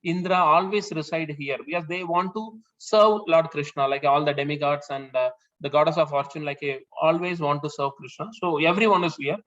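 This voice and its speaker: A man leading a scripture class, explaining the verses slowly with many fillers and restarts. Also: a little high, fairly even intonation, a bit bright. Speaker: class leader. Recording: dull lo-fi sound.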